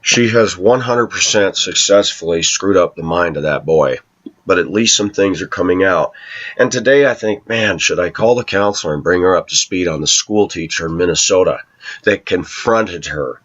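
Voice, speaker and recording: A man talking to his viewers in a long personal monologue, aggrieved and telling his side, often clearing his throat. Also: low voice, normal speed, fairly bright tone. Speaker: vlogger addressing viewers. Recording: slightly dull lo-fi recording.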